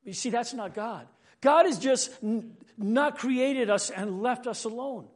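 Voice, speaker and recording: Very high-voiced man preaching. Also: measured pace. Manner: earnest, building and falling in emphasis; repeats words when thinking. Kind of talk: sermon.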